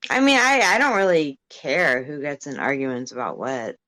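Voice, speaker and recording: A woman's voice: deep voice, animated, normal speed, bright, forceful tone, no room sound. A woman chatting casually with friends on a livestream, mild and easygoing, avoiding arguments. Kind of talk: casual group chat on a livestream.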